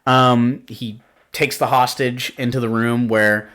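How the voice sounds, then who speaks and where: A podcast host rambles casually about horror films in a loose review chat, full of fillers and free swearing. He speaks slowly at medium pitch with little pitch movement and a slightly bright tone.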